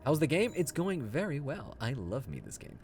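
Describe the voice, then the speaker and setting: Lively, chatty gaming streamer. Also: male voice, medium pitch, moderate pace, slight background noise. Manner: chatty, reads chat aloud and answers it. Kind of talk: casual gameplay commentary.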